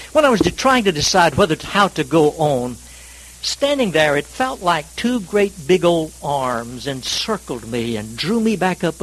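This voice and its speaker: A man from North Carolina, preaching a sermon in a folksy, self-deprecating storytelling manner with dramatic swings in pitch and volume. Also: rough recording. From North Carolina, USA. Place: church service.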